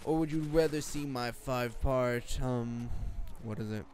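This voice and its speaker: A man's voice: mid-range voice, a little slow, a little mellow. Teen boy, gaming commentary, rambling, jokey, swears, faint background hum. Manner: rambling, jokey, swears, jumps between topics. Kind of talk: casual gameplay commentary.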